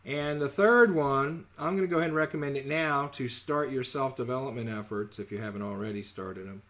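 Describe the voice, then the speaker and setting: A man's voice: medium pitch, fairly quick, fairly bright tone. A man teaching trading in a casual live webinar, chatty and jokey, often correcting himself mid-word. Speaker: trading educator.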